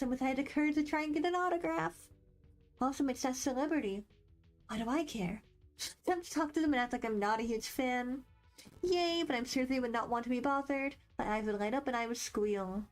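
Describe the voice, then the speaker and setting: A woman's voice: high voice, a little fast. A young woman streaming, chatting casually and rambling as she reads quiz questions aloud with a bubbly, self-deprecating manner. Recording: faint background music.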